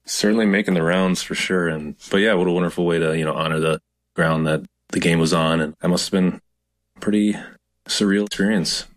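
Deep-voiced male radio host. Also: steady tone, fairly quick. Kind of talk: scripted radio introduction and interviewer chat.

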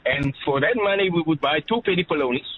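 A man's voice: fairly high pitch, lively intonation, fast talker, slight background noise. A man, calling in from his car and telling a story in a chatty, laughing way. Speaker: caller. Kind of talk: casual phone-in chat. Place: car while driving. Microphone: phone line. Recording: muffled phone line from a car.

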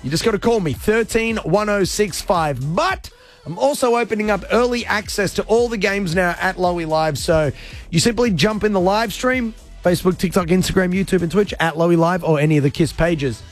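A man hosting a radio show, talking fast and jokey with casual swearing. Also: high voice, faint music behind. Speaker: radio host. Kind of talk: energetic radio show patter. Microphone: studio microphone.

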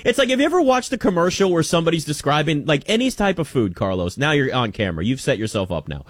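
A man hosting a live sports talk show, bantering loudly with a studio colleague, then talking casually about football. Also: a little high, fast, dry recording. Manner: animated, joking banter, loud and energetic. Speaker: sports radio host.

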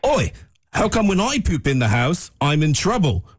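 A man's voice: fairly high pitch, very animated, moderate pace, noisy background. A man doing a grunty British bulldog. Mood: smug, teasing. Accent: British, put on. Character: grunty old male bulldog, smug and teasing.

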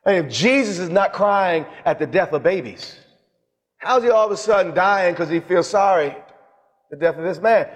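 A man, a bishop, preaching a sermon, breaking into shouts and then stretching words out slowly for emphasis. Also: sits high, animated. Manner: preaching with sudden shouts and drawn-out slow emphasis. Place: church sanctuary. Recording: long reverb of a large church.

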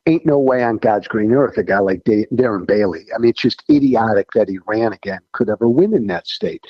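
A man's voice: on the low side, animated, fairly quick, no echo. Blunt folksy guy from illinois talking politics, kinda dull lo-fi sound, dry. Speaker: former congressman guest. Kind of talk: political interview.

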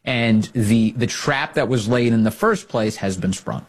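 A man's voice: medium pitch, unhurried. A man hosting a political commentary show, mocking and incredulous, firing off rhetorical questions. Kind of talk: sarcastic commentary monologue.

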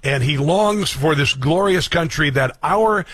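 Fairly high-voiced man, husky, sarcastic commentary host, dry studio sound. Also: measured pace, a bit bright, no echo. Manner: sarcastic, mocking asides, repeats clip lines back. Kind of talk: political commentary reacting to clips.

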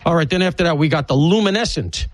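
A man's voice: a little high, expressive, fast talker, dry recording, poor audio. A man hosting a radio talk show, rambling bluntly through an opinionated monologue and previewing guests. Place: broadcast studio.

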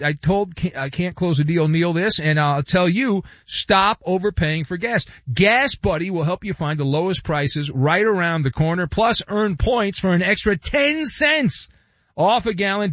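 A man's voice: high voice, fairly bright tone, no echo, dull audio. A man hosting a radio show, talking in a theatrical, playful way and reading live ads. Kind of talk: bombastic talk radio with live ad reads.

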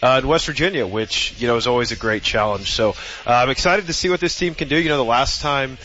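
A man co-hosting a radio football show, soft-spoken and hesitant, with many fillers. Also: mid-range voice, fast, lo-fi sound, a little hiss or hum. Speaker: co-host analyst. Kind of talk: radio sports chat.

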